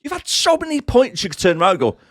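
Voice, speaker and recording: A man's voice: sits high, sing-song, fast talker, dry recording, clean studio sound. A man co-hosting a casual movie podcast, roasting the film with exasperated sarcasm. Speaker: podcast co-host.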